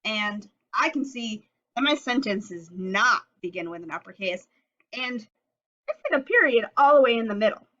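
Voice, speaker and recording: A woman teaching a phonics lesson to young children, slowly stretching out and sounding each letter of the words. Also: fairly high pitch, lively intonation, fairly bright tone, dull audio.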